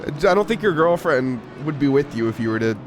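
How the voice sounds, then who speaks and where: A man's voice: on the high side, animated, a little fast, music in the background. A man co-commentating a sim race in a dry, teasing way. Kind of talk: casual live race commentary.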